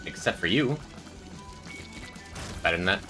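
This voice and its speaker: Male streamer, low pitch, animated, wry, music in the background. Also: unhurried. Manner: dry, joking, talks to chat. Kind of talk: casual gameplay commentary. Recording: faint music behind.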